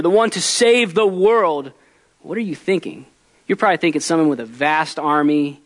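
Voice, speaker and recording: A male pastor delivers a sermon in a fairly high voice. He keeps it conversational and animated, and he acts out the quotes with lively emphasis.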